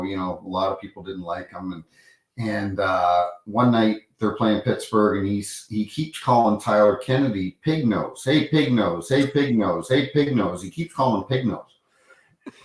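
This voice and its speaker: Low-voiced man telling rambling stories. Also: roomy sound, poor audio. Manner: rambling anecdotes with many restarts, acting out quotes. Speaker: guest, former referee. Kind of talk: casual storytelling interview.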